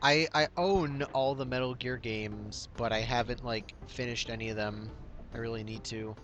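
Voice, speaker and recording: A man playing a game on a charity stream, excitable, stammering and shouting at the game. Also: medium pitch, moderate pace, highs cut off, a little hiss or hum. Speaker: game player. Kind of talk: casual live-stream chat.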